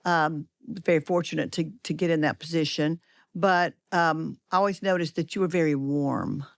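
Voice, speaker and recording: A woman's voice: sits low, steady tone, normal speed, no room sound, clean studio sound. An older woman from Georgia and Alabama with a Southern accent, a guest telling folksy stories and repeating words as she thinks. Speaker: guest, edtech leader. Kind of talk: casual interview chat.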